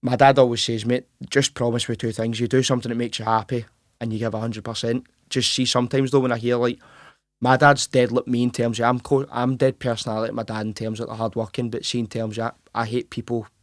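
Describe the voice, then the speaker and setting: A Glaswegian Scottish professional boxer in his twenties, a guest in a casual interview chat, talks in a quick, tumbling rush on a narrow, even pitch. Rapid and earnest, he restarts sentences and keeps saying "mate". The recording is close and dry, with no room sound.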